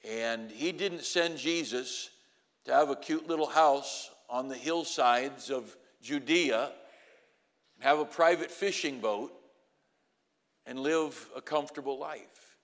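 A man preaching a sermon to college students and graduates, moving from quiet storytelling to loud, rising exhortation. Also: medium pitch, slow, big-room sound. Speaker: pastor.

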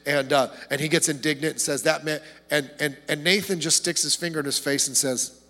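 Male pastor, high voice, impassioned sermon delivery, recorded in a reverberant church. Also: steady tone, brisk, gravelly. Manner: impassioned preaching, swings from loud to hushed, frequent repetitions.

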